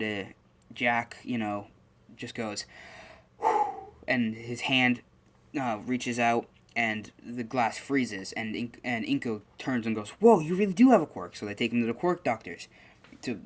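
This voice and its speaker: A man's voice: medium pitch, moderate pace, a bit bright. A young man casually making up and telling a fan-fiction story, rambling with lots of fillers and restarts.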